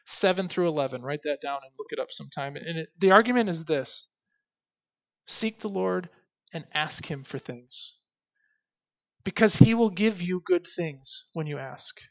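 A pastor preaching a sermon, emphatic, slowing down to stress key phrases and swinging between loud and soft. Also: male voice, fairly high pitch, expressive, vocal fry. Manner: reads scripture aloud with expression.

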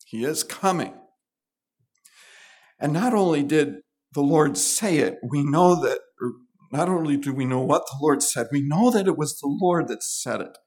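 A man's voice: a little high, expressive, measured pace, darkish tone. A man preaching a sermon, explaining scripture in an earnest, emphatic teaching manner with rising stresses on key words.

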